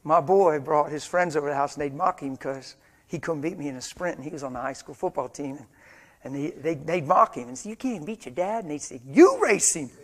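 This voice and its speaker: Older man, slightly high-pitched preacher; tells stories in a sermon, moving between hushed intensity and loud fervor. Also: a little fast. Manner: swings from hushed whispers to loud, fervent preaching. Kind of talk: storytelling sermon. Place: church or meeting hall before a live audience.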